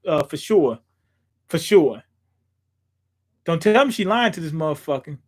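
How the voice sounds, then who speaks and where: A man's voice: fairly high pitch, animated, a little slow, slightly rough. A young man streaming from a small room at home, talking casually and profanely, thinking aloud with lots of fillers. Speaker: streamer reacting to a manga chapter. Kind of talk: casual live-stream chat.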